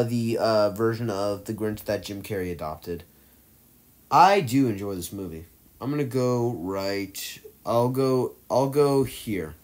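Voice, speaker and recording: A man's voice: fairly low pitch, a little mellow. A man giving casual commentary as he ranks films for a tier list, hesitant and rambling, with frequent fillers and corrections of himself in mid-sentence. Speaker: movie tier list vlogger.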